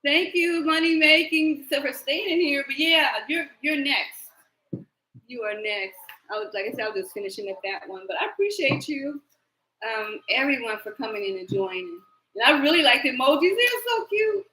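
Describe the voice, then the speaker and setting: Live-stream host, woman, high bright voice, loose storytelling with laughs and cursing, echoey room. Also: moderate pace. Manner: animated storyteller, laughs often, swears. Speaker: tarot reader hosting live stream. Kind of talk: rambling live-stream chat.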